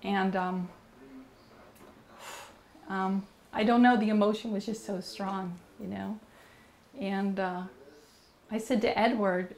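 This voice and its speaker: A woman with a voice of middle pitch tells a personal story to an interviewer. She speaks earnestly and rambles, with many fillers and restarts. She grows animated whenever she quotes her own words. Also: unhurried, long pauses, a little hiss or hum. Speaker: interview guest.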